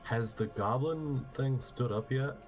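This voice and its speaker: A man's voice: medium pitch, a little slow, soft background music. A man playing a tabletop game, wry and joking, hesitating as he weighs his move. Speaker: player. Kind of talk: casual tabletop game play.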